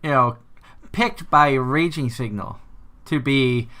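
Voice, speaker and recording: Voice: mid-range voice, slow, fairly bright tone. A podcast host asking long, rambling questions full of fillers. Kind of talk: interview questions.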